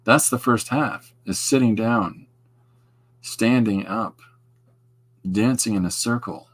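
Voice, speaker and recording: Low-voiced meandering Canadian man. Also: slow. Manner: meandering, digressive, with many restarts. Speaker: podcast host and artist. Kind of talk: casual rambling talk while drawing.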